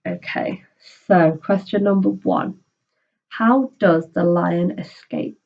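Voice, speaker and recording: A woman's voice: fairly low pitch, slow, creaky, highs cut off. A woman teacher reading a children's book aloud and patiently explaining it in simple words.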